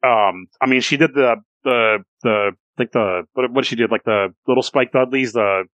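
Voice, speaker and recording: A man's voice: mid-range voice, moderate pace, a bit bright, no echo, muffled recording. Male podcast co-host, casual rambling wrestling talk, swears a lot, dry close sound. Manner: swears freely, rambling with restarts.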